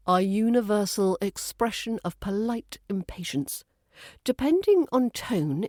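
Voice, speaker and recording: Slow, precise British woman accent coach. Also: medium pitch, no echo, clean studio sound. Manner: precise, demonstrates phrases with lively emphasis. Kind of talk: scripted pronunciation lesson.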